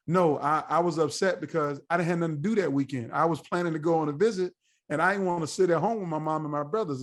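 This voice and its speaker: A man in his forties, a podcast guest telling a story in a casual, animated way and acting out the dialogue. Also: a little high. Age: 40s. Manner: animated, acts out quoted dialogue.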